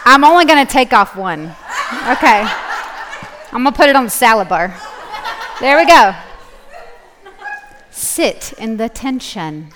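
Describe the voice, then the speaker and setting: A woman's voice: on the high side, very animated, normal speed, pauses often, background noise. A woman giving a live Bible study talk to an audience. She speaks casually, laughs often and keeps checking in with "okay?". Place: large hall with a live audience. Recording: echoey hall.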